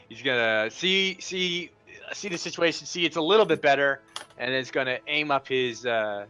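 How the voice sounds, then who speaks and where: A man's voice: mid-range voice, normal speed, sharp tone, faint music behind. A man playing a tabletop game, describing his character's actions in detail. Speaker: player. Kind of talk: casual tabletop game chat.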